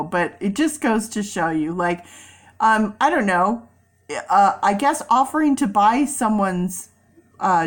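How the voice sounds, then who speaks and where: A woman vlogging in a casual, animated storytelling way, acting out people in quoted voices and laughing often. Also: mid-range voice.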